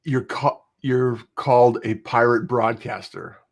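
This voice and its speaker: A man's voice: mid-range voice, little pitch movement, measured pace. A middle-aged man hosting a podcast, chatting casually and rambling with frequent fillers. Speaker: podcast host. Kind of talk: casual interview chat.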